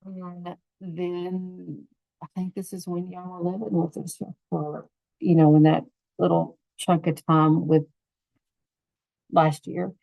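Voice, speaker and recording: A middle-aged grandmother chats as a podcast guest, telling family stories with lively acted-out quotes. Her voice sits somewhat low. The sound is dry, with no room echo. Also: slow pace, creaky, dull audio. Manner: animated, acts out quotes in the story. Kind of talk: casual conversational storytelling.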